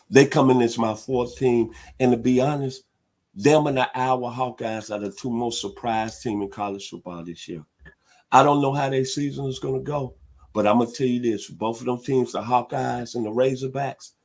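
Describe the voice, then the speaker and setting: A middle-aged man hosting a sports talk show, hyping teams in an animated, preacher-like way. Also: mid-range voice. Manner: animated, preacher-like hype with loud hog calls.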